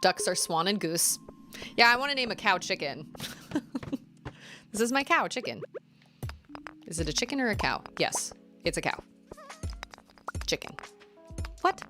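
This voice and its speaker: A woman's voice: on the low side, big pitch swings, normal speed, long pauses. Giggly woman streamer chatting away, voice jumps all over, game music behind. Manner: chatty, giggly, talks to chat. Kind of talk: casual gameplay chat.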